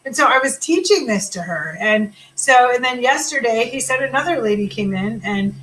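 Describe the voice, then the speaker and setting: A woman's voice: a little high, lively intonation, normal speed, a bit bright, slight background noise, rough recording. A woman hosting a casual live chat with her sales team, telling stories and answering viewer comments. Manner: chatty, storytelling, reads viewer comments aloud.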